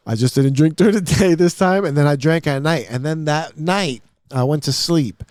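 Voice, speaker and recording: A man hosting a podcast, telling a long story in casual talk, swearing often and acting out his own lines in a hushed voice. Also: fairly high pitch, normal speed, no room sound. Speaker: podcast host. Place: podcast studio.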